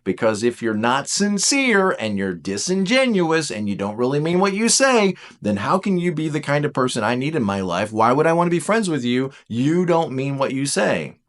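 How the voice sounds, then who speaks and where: A man teaching in a casual lecture style, animated and jokey, acting out little voices as he goes. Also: mid-range voice, moderate pace, few pauses.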